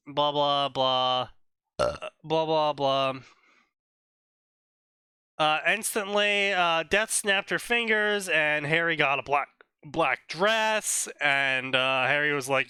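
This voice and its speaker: A man's voice: on the high side, slow, sharp tone, clear, resonant tone, dry recording, clean studio sound. A young man co-hosting a comedy show, casually summarizing a story in rambling fashion with lots of filler. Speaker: co-host reading fanfiction.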